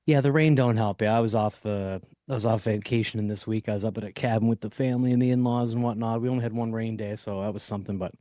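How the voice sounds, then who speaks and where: Low-voiced chatty man, dry sound. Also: fairly even intonation, quick pace, hardly any pauses, dark tone, dry recording. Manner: chatty, rambling, joking. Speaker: podcast co-host. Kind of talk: casual chat. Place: job trailer.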